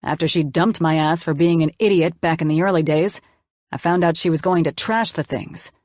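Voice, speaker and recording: A woman's voice: low-pitched, moderate pace, a little mellow, dry recording, studio quality. A woman narrating an audiobook in the first person, reading expressively.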